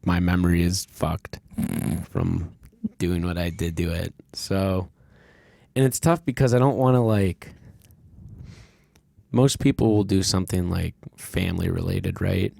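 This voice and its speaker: A man's voice: deep voice, measured pace, gravelly, pauses often, warm tone, no echo. A man hosting a podcast, telling a childhood story in a rambling, candid way, swearing freely and leaning on fillers. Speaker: podcast host. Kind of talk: casual conversational storytelling.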